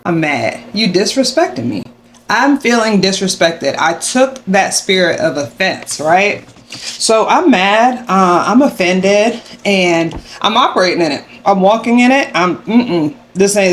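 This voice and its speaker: A young adult woman sharing a personal faith testimony to camera, animated and acting out her own angry retorts. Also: lowish voice, slight background noise. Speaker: faith vlogger.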